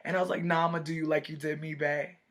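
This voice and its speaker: A woman vlogger telling a storytime in a casual, animated, profane way, acting out quoted voices. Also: low voice, quick pace, a crowd in the background.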